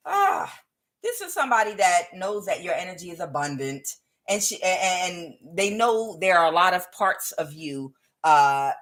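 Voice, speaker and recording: A woman giving a tarot reading to camera, scolding and animated, with laughing asides. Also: fairly low pitch, rough recording. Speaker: tarot reader.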